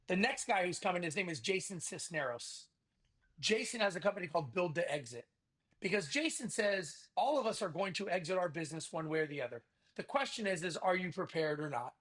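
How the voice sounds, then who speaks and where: A man, a podcast guest, talking about his business event in a lively salesman's manner and acting out quoted conversations. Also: high-pitched, fairly quick. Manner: energetic salesman, acts out quoted dialogue. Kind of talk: casual interview talk.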